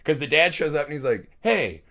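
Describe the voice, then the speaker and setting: A man in his thirties co-hosting a podcast, chatting casually, swearing freely and acting out film scenes with lively energy. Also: fairly high pitch, fast. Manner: animated, swears freely, acts out movie scenes. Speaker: podcast co-host. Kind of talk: casual chat.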